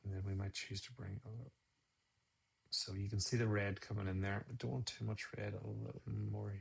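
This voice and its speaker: Gravelly, husky man talking through an edit. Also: fairly low pitch, flat delivery, a little fast. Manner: rambling, chatty, thinks aloud with restarts. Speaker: photography instructor streaming live. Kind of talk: casual live-stream tutorial.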